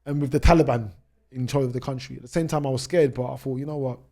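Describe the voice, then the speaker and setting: Fast-talking British man telling travel stories. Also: mid-range voice, steady tone, mellow. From United Kingdom. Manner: rapid anecdotes with many restarts. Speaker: guest, travel YouTuber. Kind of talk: storytelling in a podcast interview.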